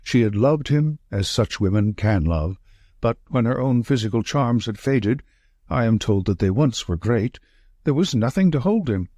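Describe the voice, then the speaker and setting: Male reader doing a jittery estate manager, urgent and out of breath, husky. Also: mid-range voice, expressive, moderate pace, mellow, no echo, studio quality, natural voice. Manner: breathless, urgent short sentences. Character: nervous, frightened thin male estate manager.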